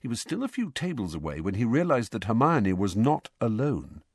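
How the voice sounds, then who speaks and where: A man reading an audiobook in an expressive storytelling manner. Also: fairly low pitch, moderate pace, breathy edge, no room sound, clean studio sound. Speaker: audiobook reader. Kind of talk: audiobook narration.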